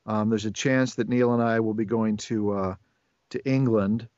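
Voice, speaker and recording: A man's voice: on the low side, fairly even intonation, moderate pace, darkish tone, no echo. A man being interviewed as a voice actor, chatting casually and rambling with frequent restarts. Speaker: voice actor guest. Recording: dull, dry lo-fi recording.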